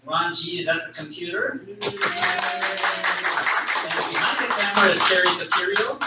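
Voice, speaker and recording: A man's voice: sits high, moderate pace, over loud music. A man serving as temple president gives closing thanks at an event, rambling and repeating little connecting words. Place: large temple hall. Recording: echoey hall from far off, noisy.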